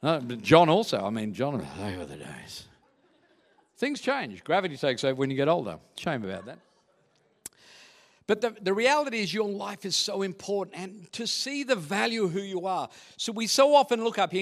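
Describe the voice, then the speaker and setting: A man preaching a sermon as pastor, chatty and joking with the congregation. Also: high-pitched. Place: church hall. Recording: echoey church hall.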